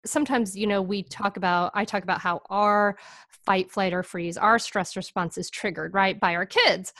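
A woman hosting a podcast in casual conversation, animated and relatable, using lots of fillers. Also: medium pitch, normal speed, no room sound, clean studio sound. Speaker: podcast host.

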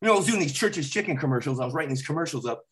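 A man's voice: on the high side, rapid-fire. A middle-aged man, a comedian, telling stories in casual chat and acting out the lines of the people in them. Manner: animated storyteller acting out his dad's lines. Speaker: comedian guest.

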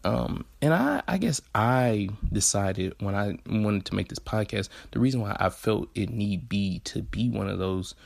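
A man's voice: lively intonation, unhurried, hardly any pauses, dry recording. A man in his twenties with a Southern US accent hosting a podcast, talking in a laid-back, candid way full of slang and swearing. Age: 20s. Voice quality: deep gravelly husky voice. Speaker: podcast host. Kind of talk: casual solo podcast monologue.

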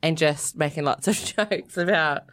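A woman's voice: low-pitched, normal speed. A woman co-hosting a podcast, chatting casually and laughing often as she tells a story. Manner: chatty, laughs often, animated when amused. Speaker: podcast co-host. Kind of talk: casual chat.

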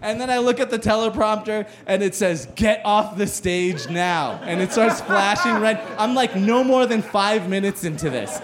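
Animated, high-voiced comedian man telling a story. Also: normal speed, hardly any pauses, a little hiss or hum. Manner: animated, profane, shouts in quoted voices. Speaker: stand-up comedian. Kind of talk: live storytelling performance. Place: live stage show.

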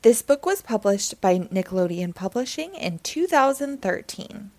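A woman storyteller reading a children's book aloud in a gentle, expressive way on a close microphone. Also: mid-range voice, normal speed, dry recording.

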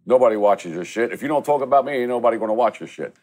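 A man's voice: mid-range voice, lively intonation, very fast, darkish tone. A middle-aged man, telling stories bluntly and swearing freely in a casual chat at a restaurant. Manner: profane, blunt, street-talking. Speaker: podcast co-host.

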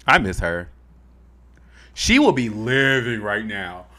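A man's voice: fairly low pitch, very animated, slow pace, sharp tone. A man co-hosting a podcast in a casual chat, teasing and reacting playfully. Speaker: podcast co-host.

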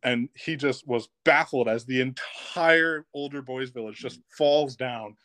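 A man tells a camp story on a podcast, lively and casual, often breaking into laughter. His voice sits at an ordinary male pitch. The sound is dry and close, with no room echo. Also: measured pace. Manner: lively, laughs while telling stories. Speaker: podcast guest, former camp counselor.

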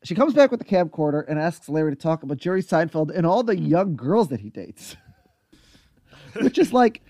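A man chatting through a TV episode recap on a podcast, his voice bouncing up and down with animated energy. He sounds a touch higher than most men and is recorded close and dry, with no room around him. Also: a little fast, no room sound. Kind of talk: casual chat.

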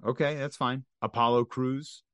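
A man's voice: medium pitch, fairly even intonation, moderate pace, no room sound, studio quality. A man co-hosting a wrestling podcast, casually leading a segment and reading off a list. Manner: leads the segment, reads off a list. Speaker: podcast co-host. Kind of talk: casual chat.

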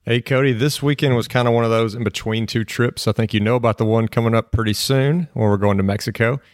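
A man's voice: lowish voice, dry recording, studio quality. A man co-hosting a podcast in casual chat, easygoing and a little rambling. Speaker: podcast co-host.

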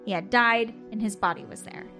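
A woman co-hosting a podcast, telling a personal story in casual chat. She laughs often and acts out her own past lines with lively energy. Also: medium pitch, fairly quick, faint music behind. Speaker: podcast co-host.

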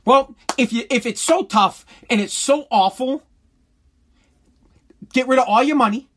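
A man's voice: extremely high pitch, measured pace, fairly bright tone, a little hiss or hum. Blunt, swearing man ranting. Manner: blunt, heated and sarcastic, with crude swearing. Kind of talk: profane opinion rant.

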